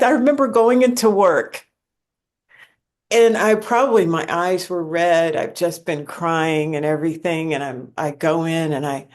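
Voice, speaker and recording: A woman telling a personal spiritual story in a slow, storytelling way, repeating words for emphasis. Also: lowish voice. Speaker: speaker sharing a spiritual experience. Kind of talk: personal testimony talk.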